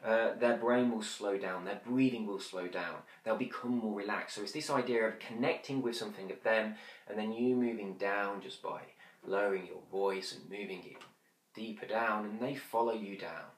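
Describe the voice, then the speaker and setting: Brief: male instructor, lowish voice, fast and chatty, slight room echo. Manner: quick, chatty, frequent fillers; drops to slow whispery demonstrations. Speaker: hypnosis instructor. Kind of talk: conversational teaching. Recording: roomy echo.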